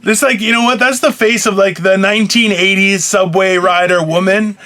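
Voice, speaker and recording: A man's voice: high-pitched, steady tone, moderate pace, pushed and bright. A man co-hosting a casual chat show, telling rambling, profane stories with lots of laughter. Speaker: co-host.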